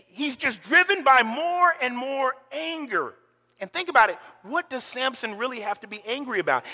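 A middle-aged male pastor preaching an animated sermon, acting out quotes and sometimes shouting. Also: high voice. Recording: long hall reverb.

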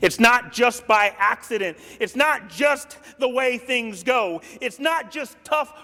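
A male pastor preaching a sermon, telling the story dramatically and swinging from loud lines to hushed ones. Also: very high voice, lively intonation, slow, creaky. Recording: long hall reverb.

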